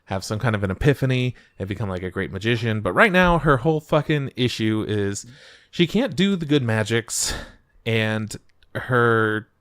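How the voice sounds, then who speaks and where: A man co-hosting a podcast, chatting casually and profanely as he recaps anime plots and jumps into high voices for quotes. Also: normal speed, dry recording, studio quality. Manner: profane, animated retelling with falsetto quotes. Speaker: podcast co-host.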